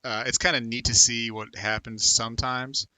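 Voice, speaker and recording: A man's voice: mid-range voice, flat delivery, normal speed, sharp tone, dry recording. A man in his thirties hosting a casual livestream, chatting loosely with viewers, reading their comments aloud and rambling with plenty of fillers. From United States. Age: 30s. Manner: rambling, filler-heavy, talks to viewers by name. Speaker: livestream host.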